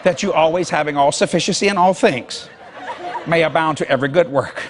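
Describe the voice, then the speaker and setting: A male comedian playing a stiff white preacher who reads scripture in a flat, careful way, recorded live on stage. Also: a little high, fairly quick, a faint crowd, slight background noise, voice pushed down, close to an everyday voice. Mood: solemn.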